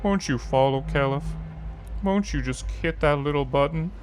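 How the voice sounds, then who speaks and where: A man's voice: on the high side, moderate pace, slight background noise, lightly acted. A man putting on the voice of a sad, mopey guy whining and pleading for follows. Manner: whiny, pleading.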